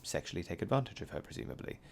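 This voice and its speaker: A man teaching an English literature lesson, talking a class through a poem with frequent ums and uhs. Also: a little hiss or hum. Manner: talks through a poem, reading lines aloud and pausing with ums and uhs. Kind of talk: recorded poetry lesson.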